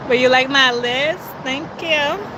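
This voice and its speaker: High-voiced woman going live on her phone, sassy and bragging, traffic noise all around. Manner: boastful, sassy, quick laughs. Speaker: livestreaming influencer. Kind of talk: casual livestream chat. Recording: clear outdoor traffic noise.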